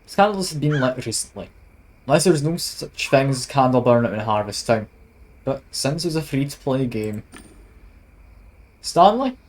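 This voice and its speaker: A man at his streaming setup narrates a detective game, reading the text and slipping in wry jokes at his own expense. His voice sits at an ordinary middle pitch, with a faint background hiss on the recording. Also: a little mellow, poor audio. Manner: wry, self-mocking asides. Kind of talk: casual let's-play narration, reading game text aloud.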